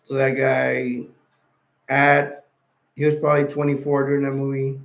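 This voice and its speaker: A man's voice: mid-range voice, completely flat delivery, moderate pace, gravelly. A tired man hosting a late-night livestream, rambling casually and reading chat messages and wiki text aloud. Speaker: livestream host.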